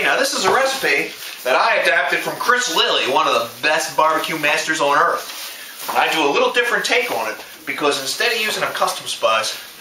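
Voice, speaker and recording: A man's voice: fairly high pitch, roomy sound. Folksy man hosting a noisy grill demo. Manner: folksy, joking, talks to viewers directly. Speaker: barbecue cook and show host. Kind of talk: casual cooking demonstration.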